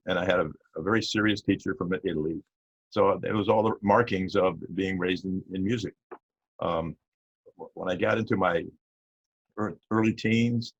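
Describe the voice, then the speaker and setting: Halting older man, deep husky voice. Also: no echo. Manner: rambling, halting, with many fillers and restarts. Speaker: interview guest, retired police captain. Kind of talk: casual storytelling interview. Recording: dull lo-fi audio.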